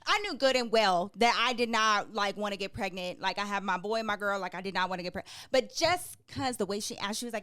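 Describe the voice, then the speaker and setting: Animated young woman telling stories. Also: medium pitch, fast, few pauses, dry recording. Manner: animated storyteller, acts out quotes, laughs often. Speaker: podcast co-host. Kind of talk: casual chat.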